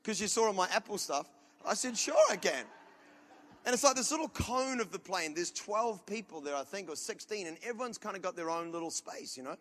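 A man preaching a sermon as a pastor, telling loud, animated stories with comic outbursts. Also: high voice, brisk.

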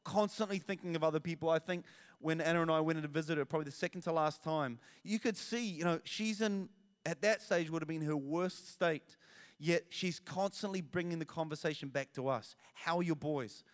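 A man preaching a sermon as pastor, animated storytelling with self-deprecating asides. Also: a little high, fairly quick, long reverb tail.

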